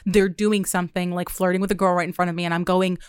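Young woman, casual co-host, lively storyteller, swears a lot, dry close sound. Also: fairly low pitch, fast talker, clean tone, dry recording. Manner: animated storytelling, acts out her own outbursts, swears freely. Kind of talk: casual chat.

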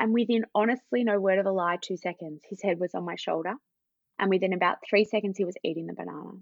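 A woman's voice: mid-range voice, steady tone, fast talker, gravelly, husky, dry recording. A woman in her thirties with an Australian accent, a parent educator telling a personal story in an interview. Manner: warm anecdotal storytelling, acts out quoted dialogue. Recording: dull, slightly lo-fi dry sound.

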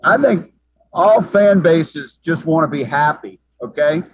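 A man's voice: fairly high pitch, a little slow, a little hiss or hum, poor audio. A man giving sports talk commentary as an analyst, emphatic and often repeating words as he thinks.

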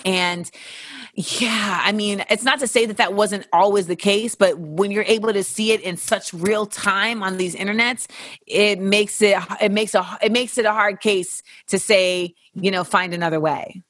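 A woman's voice: mid-range voice, steady tone, unhurried, fairly bright tone, no room sound. A woman hosting a podcast, talking bluntly and animatedly with frequent swearing as she answers listener questions. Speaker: podcast host.

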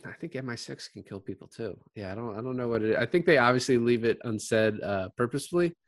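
Man, casual film chat, rambling, acts out quotes, medium pitch. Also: fast talker, no room sound, studio quality. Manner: rambling, animated retelling with quoted voices. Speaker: podcast co-host discussing a film.

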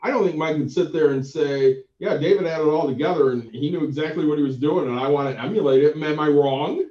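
A man's voice: on the high side, brisk, mellow. A man co-hosting a podcast, talking in a reflective, conversational way. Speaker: podcast co-host. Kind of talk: casual chat. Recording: roomy, distant, dull sound.

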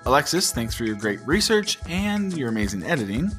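A man co-hosting a parenting podcast, keeping the chat light and jokey. His voice sits in a middle pitch, with faint music playing behind him. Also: very animated, brisk, fairly bright tone. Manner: jokey, upbeat. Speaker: podcast co-host. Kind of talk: casual chat.

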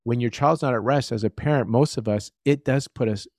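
A man's voice: mid-range voice, a little fast, a little mellow, dry recording, studio quality. A middle-aged man hosting a podcast, chatty and anecdotal, telling stories from home life. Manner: chatty, storytelling, laughs often. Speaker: podcast host. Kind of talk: conversational interview.

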